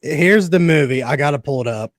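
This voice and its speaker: A man's voice: fairly high pitch, fairly quick, no echo, studio quality. A man co-hosting a podcast in a laid-back way, swearing and laughing easily. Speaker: podcast co-host. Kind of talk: casual chat.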